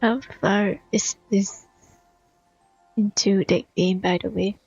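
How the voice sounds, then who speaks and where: A woman's voice: medium pitch, fairly even intonation, takes it slowly, a little mellow, husky, dull audio, soft background music. A woman streamer chatting casually over a game, offhand, laughing and swearing. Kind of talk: casual gaming chat.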